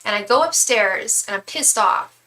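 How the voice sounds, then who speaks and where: A woman's voice: medium pitch, expressive, normal speed, bright, forceful tone, rough recording. Chatty woman doing a live tarot reading. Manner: chatty, rambling, with casual swearing. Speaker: tarot reader and psychic. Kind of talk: live-stream reading and casual chat.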